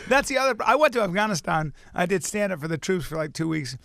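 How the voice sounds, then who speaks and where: Male comedian guest, gravelly, lively storyteller, swears freely, dry mic. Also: high voice, fast talker, no room sound. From American. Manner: animated storyteller, swearing freely, drops into gruff impressions. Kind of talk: casual interview chat.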